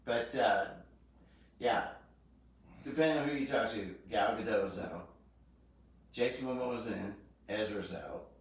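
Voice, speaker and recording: A man co-hosting a casual chat, relaxed and talkative, fond of corny jokes. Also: fairly low pitch, measured pace, long pauses. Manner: relaxed, chatty, tells dad jokes. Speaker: co-host. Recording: echoey room, far from mic, faint background ambience.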